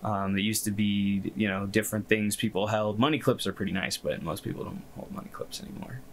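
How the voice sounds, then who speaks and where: A man's voice: lowish voice, fairly even intonation, brisk, a little hiss or hum. Laid-back man running a tabletop game. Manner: loose and joking, laughs often. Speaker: game master. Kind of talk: casual tabletop game narration.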